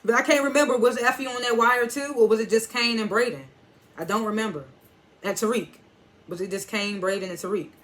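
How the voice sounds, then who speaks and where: A woman's voice: a little high, fairly quick, fairly bright tone. A woman giving a casual, blunt TV episode recap, laughing often and adding loose asides. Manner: laughs often while retelling scenes; blunt and profane. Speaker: TV episode reviewer.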